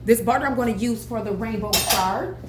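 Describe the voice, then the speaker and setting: A woman in her forties, a cooking vlogger chatting casually at home with rambling, animated asides. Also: a little high, fairly quick. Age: 40s. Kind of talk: casual cooking vlog chat. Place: home kitchen. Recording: echoey kitchen, faint room noise.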